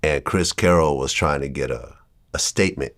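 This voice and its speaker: Male host, very low voice, casual storytelling interviewer. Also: moderate pace. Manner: animated storyteller building to punchlines.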